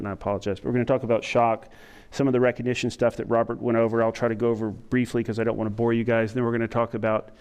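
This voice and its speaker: A middle-aged man giving a training lecture to emergency medical staff, talking in a self-described monotone and pausing often with fillers. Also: mid-range voice, clean tone. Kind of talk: conference lecture to EMS staff. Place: lecture room with an audience.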